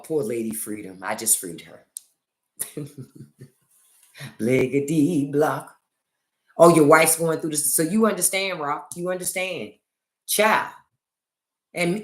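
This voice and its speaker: Her voice sits low and expressive, unhurried and broken by long pauses. The middle-aged woman is hosting a relaxed livestream chat on her phone, full of jokes and theatrically told stories, recorded in an echoey room.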